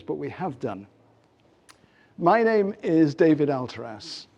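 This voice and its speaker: An older man chairing an evening lecture, giving a formal welcome with measured delivery and dry jokes, on a mic in an arts centre hall. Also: a little high, darkish tone, lo-fi sound. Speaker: event chair introducing a lecture. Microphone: handheld mic on stage. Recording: reverberant hall.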